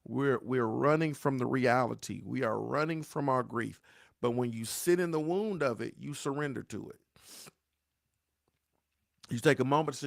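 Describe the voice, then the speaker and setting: A man's voice: mid-range voice, moderate pace, gravelly, long pauses, dry recording, clean studio sound. A man giving a motivational talk on grief, with a preacher-like cadence, repeating his phrases and calling his listeners "y'all.". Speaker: grief speaker.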